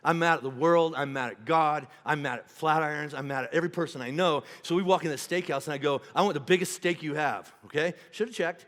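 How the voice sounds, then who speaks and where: A man pastor preaching a sermon, telling a comic story with animated swings between loud outbursts and hushed asides. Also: on the high side, quick pace, hardly any pauses. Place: large church auditorium. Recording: long hall reverb.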